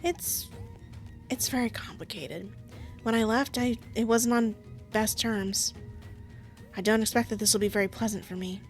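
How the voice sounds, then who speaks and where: A woman voicing a soft-spoken young alien woman in a visual novel, speaking hesitantly and apologetically. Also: fairly high pitch, fairly even intonation, moderate pace, long pauses, faint music behind, natural voice.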